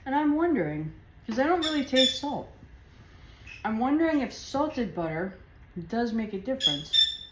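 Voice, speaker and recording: A woman's voice: a little high, sing-song, normal speed, long pauses. A woman chatting casually while she cooks and tastes food in her home kitchen, rambling from one thought to the next. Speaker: home cooking vlogger. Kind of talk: casual chat while cooking. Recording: echoey kitchen with faint household noise.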